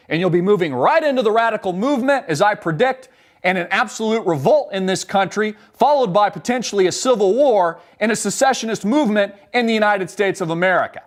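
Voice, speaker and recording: A man hosting a live political commentary show, fired up, blunt and swearing freely. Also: high voice. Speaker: show host.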